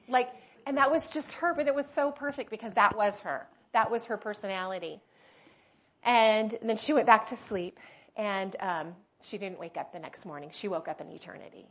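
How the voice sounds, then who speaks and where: A woman's voice: high-pitched, expressive, normal speed, a bit bright. A middle-aged woman teaching a women's Bible study, telling a personal story with feeling and frequent restarts.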